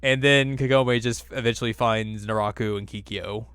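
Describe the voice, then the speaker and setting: A man's voice: mid-range voice, steady tone, normal speed, fairly bright tone, smooth, no echo. A man co-hosting a casual recap chat, joking around and putting on silly voices as he retells scenes. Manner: playful, puts on silly voices while recapping. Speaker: podcast co-host.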